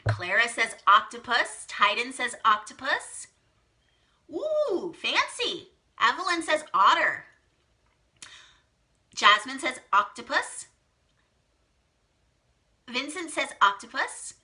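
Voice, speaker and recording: A young female teacher runs a live phonics game, reading out children's guesses and praising them warmly. Her voice is very bright and swoops across a wide range of pitch. She speaks slowly and clearly, with excited gasps. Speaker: teacher hosting a live online lesson.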